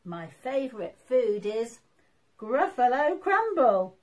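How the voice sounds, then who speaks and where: A woman's voice: mid-range voice, big pitch swings, takes it slowly, darkish tone, husky, full character voice. A woman voicing a small, clever, boastful male mouse from a picture book, cheeky in tone.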